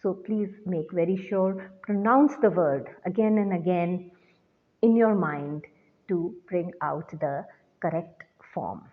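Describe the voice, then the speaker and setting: A woman teacher giving a recorded lecture, explaining slowly and deliberately to students. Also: fairly low pitch. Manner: slow, deliberate classroom explanation. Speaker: English teacher. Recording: tinny phone-like sound.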